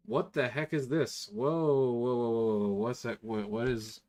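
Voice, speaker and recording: A young man talks through his gameplay in a loose, casual way, reading story text aloud and reacting with sudden bursts of excitement. His voice sits in a middle pitch, and faint game music plays quietly underneath. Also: a little slow, hardly any pauses. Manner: excitable, swears, reacts loudly. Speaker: gameplay commentator.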